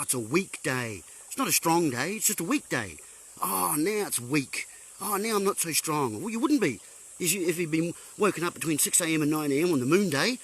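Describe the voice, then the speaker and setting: Husky man, high lively voice. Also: rough recording. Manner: playful punning wordplay, rhetorical questions, sudden exclamations. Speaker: live-stream host. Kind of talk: rambling live-stream monologue.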